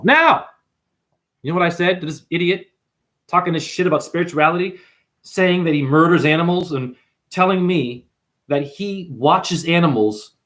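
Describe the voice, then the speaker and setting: A man giving a confrontational, preachy monologue as a spiritual teacher, calling the listener honey. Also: fairly high pitch. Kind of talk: ranting monologue.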